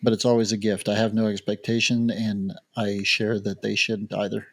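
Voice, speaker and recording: A man's voice: on the low side, level tone. Dry-humored man in his fifties. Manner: dry, joking, unhurried. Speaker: guest wildlife photographer. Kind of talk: casual podcast chat.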